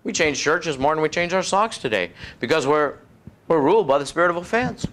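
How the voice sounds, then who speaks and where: A man preaching a sermon in a folksy, conversational way, acting out other people's voices and dropping low and soft for effect. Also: animated, brisk. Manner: acts out voices of demons and doubters, drops low and soft for effect.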